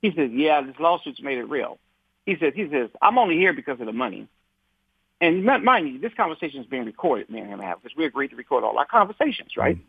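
Very animated and fast-talking, a husky, somewhat high-voiced civil rights activist recounts his story as a guest over a tinny, phone-like connection with no room echo. He repeats words, restarts frequently and performs the quoted dialogue of others.

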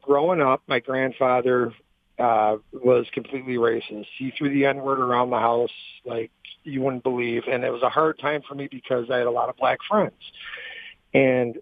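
Caller, man in his 30s, halting and emotional, phone-line sound, dry. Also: mid-range voice, no echo. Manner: halting, emotional, many restarts. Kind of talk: call-in radio story.

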